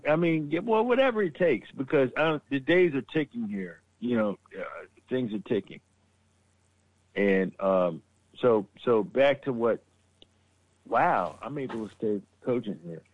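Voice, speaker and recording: A man's voice: medium pitch, animated, measured pace, no echo. A man co-hosting a casual political chat show, rambling and swearing with stammering restarts, on a dull lo-fi microphone. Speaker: podcast co-host. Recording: dull lo-fi mic.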